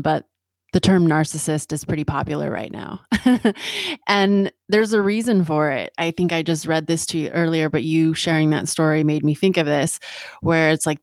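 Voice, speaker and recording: A woman hosting a talk show, speaking in a measured, thoughtful way. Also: low-pitched, darkish tone, no echo, studio quality. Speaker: podcast host. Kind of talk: casual chat.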